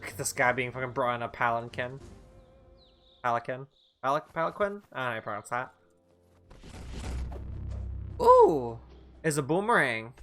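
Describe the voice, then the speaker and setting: Bright-voiced man reacting during gameplay. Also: medium pitch, very animated, fast talker. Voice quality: chatty, reactive, swears casually. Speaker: streamer. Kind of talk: casual gameplay commentary. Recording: faint game music behind.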